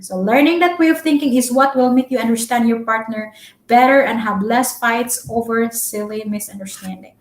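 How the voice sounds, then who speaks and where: A young Filipino-accented woman, a Cebuano speaker, giving relationship advice in a chatty, loud-spoken live-stream vlog full of fillers. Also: a little high. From Philippines. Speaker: vlogger. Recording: echoey room.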